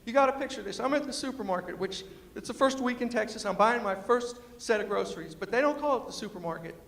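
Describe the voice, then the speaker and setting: A man telling funny stories to an audience in a lively, animated way, with a New York accent softened by West Virginia, acting out quoted voices. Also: fast, gravelly. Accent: New York with West Virginia influence. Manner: animated, acts out quoted voices with big pitch jumps. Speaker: storyteller and humorist giving a talk. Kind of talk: comic storytelling speech. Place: large lecture hall with audience. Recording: hall reverb.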